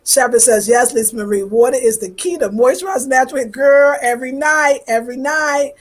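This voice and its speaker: A New York woman in her fifties, speaking with a New York accent, chats casually and animatedly with viewers on her live stream as a vlogger. Her high-pitched voice is steady in tone and a little fast.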